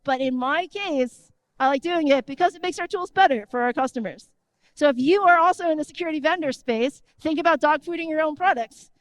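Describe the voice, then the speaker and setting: A woman giving an energetic conference talk in a conversational tone, often checking in with the audience. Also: sits high, no room sound. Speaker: conference speaker. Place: conference stage.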